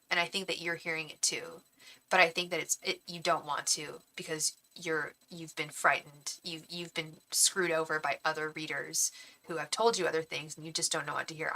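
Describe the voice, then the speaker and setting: A woman's voice: lowish voice, sharp tone, rough recording. A young woman doing a live tarot stream, talking earnestly and defensively to viewers, stammering and restarting, calling them pet names, and openly emotional. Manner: calls viewers pet names like babe and honey. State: emotional, heart racing.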